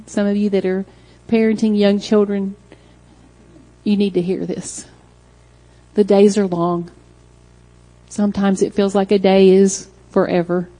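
A middle-aged woman preaches in a mellow, dark-toned voice. She speaks earnestly and encouragingly, reading scripture aloud to the congregation. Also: medium pitch, poor audio. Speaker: church speaker. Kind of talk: closing sermon exhortation.

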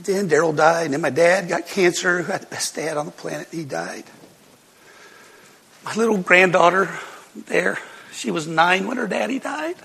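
Preaching in a big, long-reverb hall, a folksy older pastor spins sermon stories in a high, bright voice with a husky edge. He speaks at a normal speed but pauses often, laughing and erupting into loud outbursts whenever a tale gets heated.

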